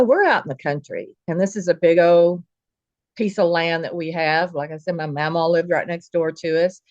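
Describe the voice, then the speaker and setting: A woman's voice: lowish voice, no echo, muffled recording. A woman telling a true personal story in a casual, folksy way, acting out the dialogue of the people in it. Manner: vivid, folksy retelling with quoted dialogue.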